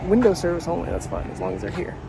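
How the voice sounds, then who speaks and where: A man's voice: fairly high pitch, very animated, quick pace, vocal fry. A man talking in a casual, wry and self-mocking way while walking outdoors for a vlog. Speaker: walking vlogger. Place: outdoors by a road. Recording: outdoor traffic noise.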